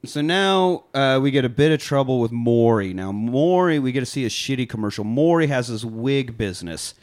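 Animated, profane podcast storyteller man. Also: medium pitch, moderate pace. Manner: animated storyteller, heavy swearing, acts out quotes. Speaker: podcast co-host. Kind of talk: casual film-review chat.

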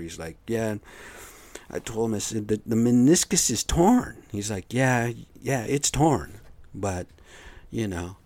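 A man's voice: on the low side, a little mellow, dry recording. A man ranting casually to his viewers, cursing often and sounding exasperated. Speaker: vlogger.

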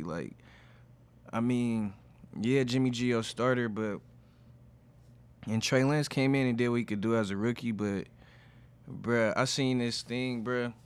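A young man talks through football plays in a relaxed, slangy way. His voice sits at a middle pitch. He goes over what went wrong for his team in an easy, conversational tone. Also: clean tone. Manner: laid-back, slangy, breaks down football plays. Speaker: podcast co-host. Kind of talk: casual sports chat.

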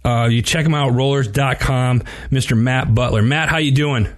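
A man hosts a podcast in a chatty, upbeat way. He speaks at a middle pitch, often restarting and filling with uhs as he introduces his guest. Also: moderate pace. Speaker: podcast host. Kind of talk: casual podcast hosting.

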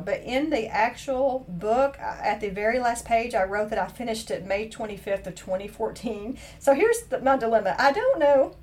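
A middle-aged woman hosting a podcast alone, chatting casually in a chatty, self-mocking way with playful exaggeration. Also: on the high side. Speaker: podcast host. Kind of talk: casual solo podcast chat.

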